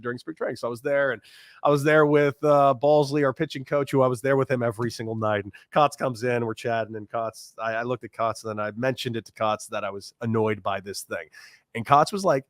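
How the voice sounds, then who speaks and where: A man in his thirties, a former ball player, telling stories in a casual interview, animated and laughing. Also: medium pitch, dry recording, studio quality. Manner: animated storyteller, acts out quoted voices, laughs often.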